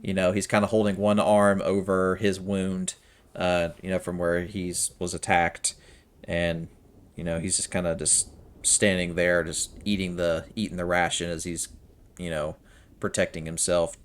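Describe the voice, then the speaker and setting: A man's voice: sits low, little pitch movement, moderate pace, smooth. A man narrating as game master of a tabletop game, loose and hesitant, full of fillers. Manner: loose and hesitant, full of "kinda" and "you know".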